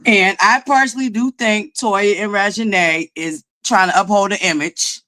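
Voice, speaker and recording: Woman host, bright voice, chatty, shouting out her viewers. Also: mid-range voice, steady tone, normal speed. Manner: hypes audience with shout-outs. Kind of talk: casual chat.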